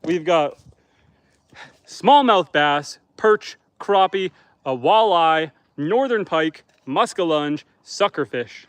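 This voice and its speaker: Canadian homestead guy on a stream, kinda high voice, dry close sound, reads chat comments out and answers. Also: lively intonation, takes it slowly, smooth, no echo. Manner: reads viewer comments aloud and answers them. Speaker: homesteader livestreamer. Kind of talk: casual livestream chat reading comments. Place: outdoors by a campfire.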